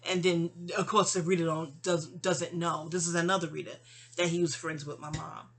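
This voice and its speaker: A woman's voice: lowish voice, flat delivery, normal speed. A woman telling a personal story in a rambling, chatty way, acting out what people said to her. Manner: rambling, chatty, acts out quoted dialogue. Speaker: vlogger. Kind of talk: casual storytelling vent. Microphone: audio-only home recording.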